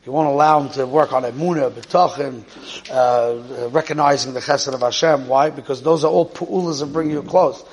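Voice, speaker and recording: Husky-voiced man teaching a Torah lesson. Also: mid-range voice, moderate pace, low-quality recording. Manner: explanatory, repeats key words, mixes Hebrew and Yiddish terms. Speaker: rabbi teaching a class.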